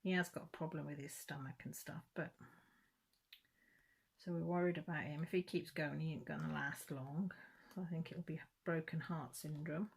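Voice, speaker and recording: A woman's voice: sits low, steady tone, normal speed, gravelly, breathy edge. A woman, chatting casually to her viewers and telling a rambling family story in plain, down-to-earth words. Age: 50s. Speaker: crafting channel host. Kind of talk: casual chat while crafting.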